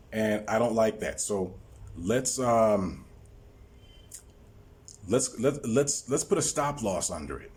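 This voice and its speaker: A man talking viewers through his stock trade on screen, halting often with repeated words and fillers. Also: lowish voice, a little mellow. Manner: explaining to viewers. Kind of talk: screen-recorded trading walkthrough.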